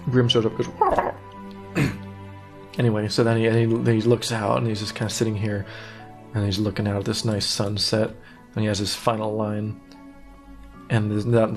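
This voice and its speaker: Low flat-voiced man giving director's commentary. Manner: earnest, meandering, casual. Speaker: director of an animated series.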